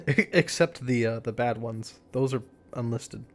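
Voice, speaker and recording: A man's voice: medium pitch, unhurried, darkish tone. A man streaming live, chatting casually in a rambling way, restarting his sentences and laughing at himself.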